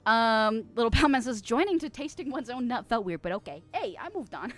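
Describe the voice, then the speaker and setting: Giggly, lively young woman streamer. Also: fairly high pitch, a little fast. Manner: giggly, rambling, playfully indignant. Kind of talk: casual chat reading stream chat.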